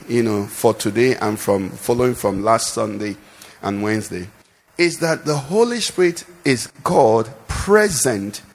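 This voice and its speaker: A man preaching a sermon, often pausing with questions for the congregation to answer. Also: mid-range voice, creaky, slightly rough. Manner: call-and-response questions to the congregation. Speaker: pastor.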